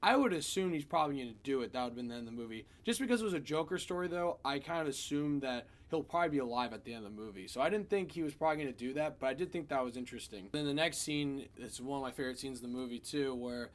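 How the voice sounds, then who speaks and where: A man giving a casual spoiler review of a film, retelling scenes in an animated, profane way. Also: medium pitch, racing, hardly any pauses.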